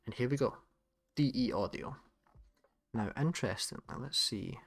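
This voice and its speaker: A man with a Scottish accent, hosting a casual tutorial in a relaxed, chatty way with some self-corrections. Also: mid-range voice, normal speed, gravelly. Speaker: tutorial host. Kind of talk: casual screen-recorded tutorial.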